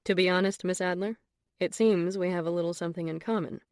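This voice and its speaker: A woman voicing a confident, flirtatious wealthy man in an audiobook, speaking low and measured. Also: fairly even intonation, a little mellow, smooth, dry recording, clean studio sound, lightly acted. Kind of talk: audiobook character voice.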